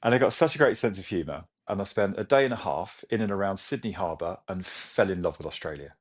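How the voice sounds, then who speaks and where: A man in his forties from Britain, a company chief talking with animated enthusiasm in a business interview. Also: sits low, fast talker. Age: 40s. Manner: enthusiastic, animated storytelling with laughs. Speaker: CEO guest.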